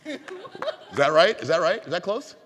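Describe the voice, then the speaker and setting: A man's voice: high voice, big pitch swings, moderate pace, fairly bright tone. Playful man in an echoey convention hall. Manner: playful, teasing, laughs often. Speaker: convention panel guest. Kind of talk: lively Q&A with an audience.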